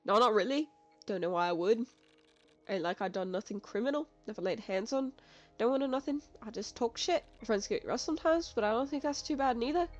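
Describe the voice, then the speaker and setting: A woman's voice: medium pitch, fairly quick, a little mellow, close to an everyday voice. A woman voicing a boastful teenage boy bully soul in a game, talking crude and dismissive, in a slightly dull recording with game music behind. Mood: brash.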